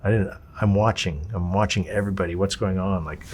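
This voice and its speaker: A man's voice: low voice, steady tone, fairly quick, hardly any pauses, a little hiss or hum. A man, telling candid, profane stories and acting out the people he quotes. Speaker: interviewee. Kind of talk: candid storytelling.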